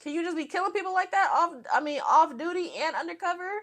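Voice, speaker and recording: A woman's voice: very high voice, quick pace, a bit bright. A young woman giving casual reaction commentary to a movie, talking back at the screen with teasing jokes and exclamations.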